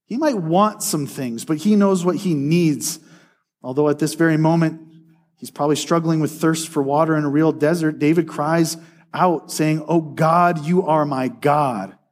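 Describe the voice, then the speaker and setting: An earnest man delivers a sermon, his voice sitting a little higher than most men's. He speaks with steady conviction. He slows down to read scripture aloud. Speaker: preacher.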